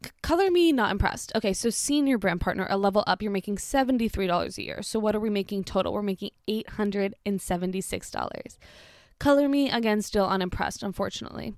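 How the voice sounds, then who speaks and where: Woman, blunt and sarcastic commentary, casual delivery, mid pitch, dry close recording. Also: fast, few pauses, a little mellow, no room sound. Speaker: social media commentator.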